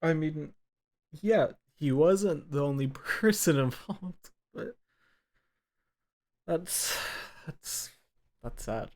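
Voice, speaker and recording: A man's voice: a little high, lively intonation, very slow, long pauses, darkish tone. A man reacting to a video on a live stream, with laid-back, laughing asides.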